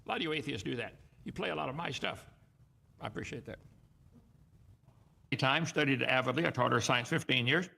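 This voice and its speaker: A man hosts a call-in show, lecturing callers in an emphatic, mocking tone as he argues his points. His medium-pitched voice is gravelly, bright and forceful, brisk in pace yet broken by long pauses.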